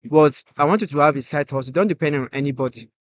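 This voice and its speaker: A man's voice: on the high side, quick pace, dry recording. Nigerian man, dry and earnest. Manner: earnest, repeats "you get" often. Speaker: guest musician. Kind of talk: casual podcast chat.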